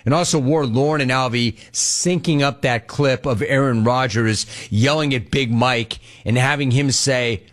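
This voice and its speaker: A man hosting a sports radio show, reading listener questions and answering them with casual anecdotes and quick impressions of people he talks about. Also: mid-range voice. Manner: storytelling, mimics people in anecdotes.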